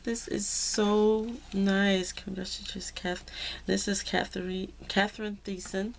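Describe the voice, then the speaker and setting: In this relaxed happy-mail unboxing vlog, a woman who makes crafts coos over the cards she opens, bubbly and saying "y'all" often. She speaks at a slightly slow pace in a mid-range voice with some vocal fry, and there's a bit of background noise.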